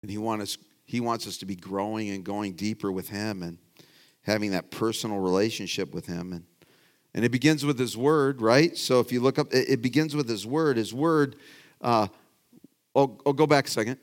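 A middle-aged male pastor with a fairly low voice preaches in a folksy, conversational way. He often restarts his sentences, leans hard on some points and drops to quiet asides on others. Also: moderate pace. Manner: folksy, rambling, self-interrupting with restarts; swings between loud emphasis and quiet asides. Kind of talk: conversational sermon.

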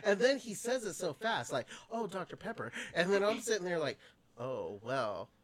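A woman's voice: lowish voice, sing-song, normal speed. A woman hosting a podcast, chatting casually with lots of laughter and fillers. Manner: laughing often, many fillers. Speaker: podcast host. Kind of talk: casual chat.

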